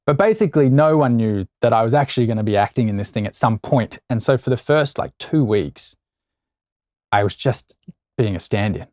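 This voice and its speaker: An Australian actor guest telling anecdotes in a casual interview, animated and acting out quoted voices. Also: male voice, medium pitch, fairly quick, dry recording.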